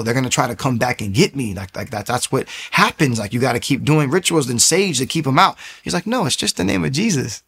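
A man tells his faith testimony in a casual, storytelling way. His voice has a gravelly, creaky edge at a middling pitch. He acts out the people in his story and often repeats and restarts his words. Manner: animated storyteller acting out quoted voices. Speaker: testimony speaker.

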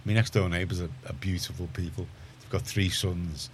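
Deep-voiced Liverpool radio host. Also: male voice, fairly even intonation, brisk, a little hiss or hum. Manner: rambling, chatty, many restarts. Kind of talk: casual studio chat. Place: community radio studio.

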